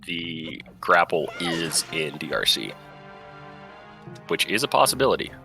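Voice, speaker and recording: A man with a very low voice and a bright, forceful tone commentates a live game tournament. He talks casually and explains the game's logic step by step. Faint music plays behind him. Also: sing-song, a little slow, creaky. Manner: explains game logic to chat, thinks aloud.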